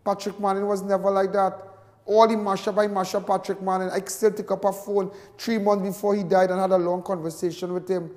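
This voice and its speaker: A man's voice: high-pitched, little pitch movement, brisk, a little mellow, big-room sound. A Trinidadian man hosting a talk show, delivering emphatic, indignant commentary with a lot of repetition. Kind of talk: impassioned TV commentary.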